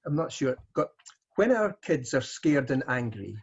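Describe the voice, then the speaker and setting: A moderator asking a question in a webinar, halting and hesitant. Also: medium pitch, very animated, husky. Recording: dull lo-fi audio.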